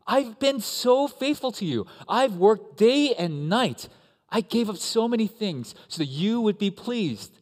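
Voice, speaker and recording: A man voicing a furious, resentful older brother who shouts indignant complaints in a sermon. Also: sits high, lively intonation, measured pace, pitched above the performer's own voice. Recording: echoey hall.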